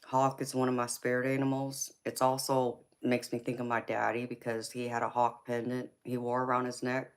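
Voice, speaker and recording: A woman's voice: rumbling low, completely flat delivery, moderate pace, hardly any pauses. A woman with a Southern US accent giving a casual live-stream tarot reading, greeting viewers with endearments and rambling with frequent fillers. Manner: affectionate, greets viewers with endearments like baby and honey; chatty and rambling, with frequent ums and you-knows.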